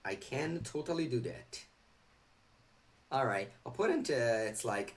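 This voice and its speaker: A man's voice: medium pitch, lively intonation, a little slow, long pauses. Chatty young man streaming a card game. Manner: chatty, reads viewer chat aloud and answers it. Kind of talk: live game stream commentary.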